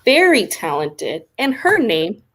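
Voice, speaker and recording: A woman hosting a live online comedy show with bubbly, quick emcee patter. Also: medium pitch, very animated, fairly bright tone. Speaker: show host.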